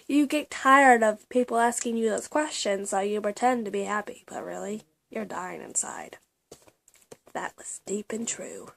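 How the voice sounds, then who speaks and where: A young woman talks to the camera in a casual, confessional vlog. Her voice sits a little high. She speaks haltingly, with plenty of ums and restarts, and sometimes drops to a whisper. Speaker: vlogger.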